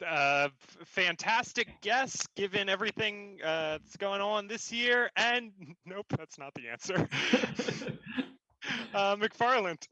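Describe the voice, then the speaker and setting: A man's voice: high-pitched, animated, slow pace, pushed and bright, no room sound, dull audio. A man co-hosting a casual online trivia quiz, calling on players and teasing them playfully. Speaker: co-host running the quiz.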